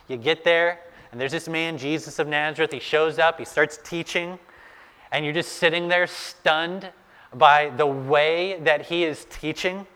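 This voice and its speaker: A male pastor preaching a sermon, telling the story in an animated way and urging his listeners to imagine the scene. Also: fairly high pitch, measured pace, clean tone, in a large hall.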